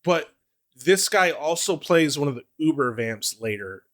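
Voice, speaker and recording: A man co-hosting a podcast, recapping a TV episode in animated casual chat, laughing often and swearing. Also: on the high side, a little slow. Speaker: podcast co-host.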